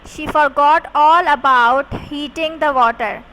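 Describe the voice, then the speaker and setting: A woman English teacher reading a story aloud to her class, slowly spelling words out letter by letter. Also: high voice, fairly bright tone, slight background noise, rough recording. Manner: slow and deliberate.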